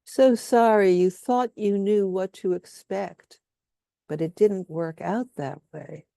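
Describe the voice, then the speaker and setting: A woman leading a guided healing workshop, speaking softly and soothingly as she has the group repeat statements after her. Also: medium pitch, slow pace, gravelly, no room sound, studio quality. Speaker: workshop leader.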